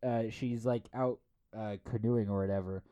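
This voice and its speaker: A young man in casual podcast chat, telling animated stories and acting out the people in them in a high voice. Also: normal speed, poor audio. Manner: animated storytelling, acts out quoted people in a high voice.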